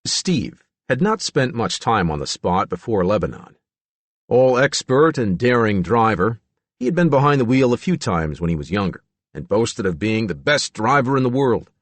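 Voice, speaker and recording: A man narrating an audiobook in an expressive, measured way. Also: lowish voice, no echo.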